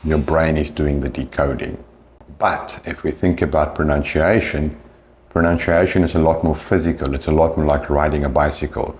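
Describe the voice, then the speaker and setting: A man, an English teacher, explaining pronunciation patiently and slowing down to demonstrate sounds. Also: rumbling low, steady tone, a little mellow.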